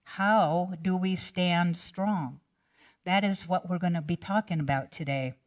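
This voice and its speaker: A woman's voice: on the low side, measured pace. A middle-aged woman minister retelling a Bible story in a sermon, in a casual, chatty way with many restarts.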